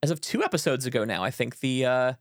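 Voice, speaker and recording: Male podcast co-host, animated jokey banter, dry mic. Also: mid-range voice, fast, no echo. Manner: joking, animated retelling with filler words. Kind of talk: casual chat.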